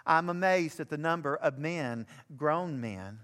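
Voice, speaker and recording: A man's voice: fairly high pitch, expressive, measured pace, a bit bright, big-room sound. An older man from Alabama, preaching a sermon as pastor and rising to fervent emphasis.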